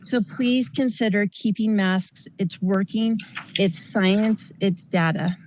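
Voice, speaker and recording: A woman nurse speaks in an earnest, pleading tone, delivering a prepared public comment to a county board. Her voice sits at an ordinary middle pitch, with a faint hiss of noise underneath. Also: takes it slowly, a little mellow, rough recording. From Colorado.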